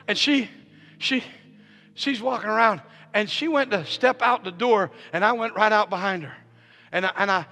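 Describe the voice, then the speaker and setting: A man preaching a sermon as guest speaker in a church, telling a story and building to shouted exhortation. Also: high-pitched, in a large hall.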